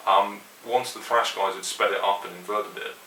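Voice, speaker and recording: Low-voiced man teaching guitar. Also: normal speed. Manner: relaxed, opinionated, counts along to the click. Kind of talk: instructional explanation. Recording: roomy echo, mic at a distance, faint hiss.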